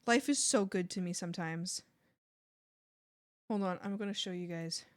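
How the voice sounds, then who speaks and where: A woman's voice: on the low side, moderate pace, dry recording, clean studio sound. A young adult woman streaming while she draws, chatting casually and gushing, sometimes squealing or whispering. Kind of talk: casual chat while drawing.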